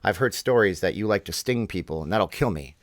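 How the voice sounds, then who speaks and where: A man's voice: deep voice, animated, a little fast, dry recording, studio quality. A man voicing a wary male frog from a fable, hesitant and worried.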